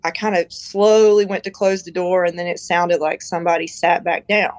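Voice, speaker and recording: A woman's voice: lowish voice, steady tone, normal speed, no echo, low-quality recording. A woman on a podcast as a guest, telling a personal story in a chatty, rambling way with lots of "you know" and "like". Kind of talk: casual storytelling.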